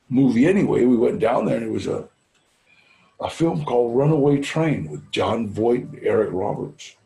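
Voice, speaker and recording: At a recovery fundraiser, an older male guest speaker shares easygoing anecdotes in a mid-range, mellow voice with vocal fry, recorded with reverb. His delivery is casual, peppered with "man" and "you know," and he performs the characters in his tales.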